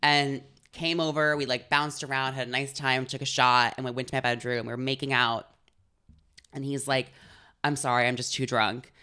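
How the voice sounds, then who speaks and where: Young woman co-host, bright tone, animated storyteller in a casual chat. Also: extremely low pitch, moderate pace, smooth. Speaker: podcast co-host.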